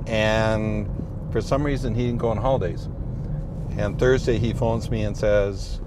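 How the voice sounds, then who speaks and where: Middle-aged priest, deep-ish voice, rambling and good-humored, road noise of a moving car behind him. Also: male voice, fairly even intonation, normal speed. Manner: rambling, many restarts and "you know"s, good-humored. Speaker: priest, interview guest. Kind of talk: casual storytelling chat.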